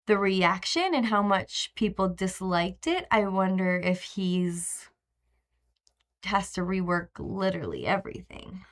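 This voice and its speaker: A woman's voice: medium pitch, fairly bright tone. A young woman talking through a live stream recap in a loose, rambling way. She gushes and trails off, filling gaps with ums and little laughs, sounding openly emotional about what she watched. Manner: chatty, rambling, emotional, many fillers. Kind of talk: casual live-stream chat.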